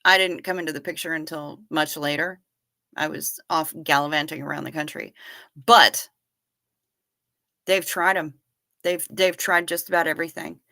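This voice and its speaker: A woman's voice: deep voice, steady tone, normal speed, creaky, pauses often, sharp tone. A woman hosting a livestream, chatting casually with viewers and reading their messages aloud, wry and loose with the odd swear. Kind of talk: casual chat.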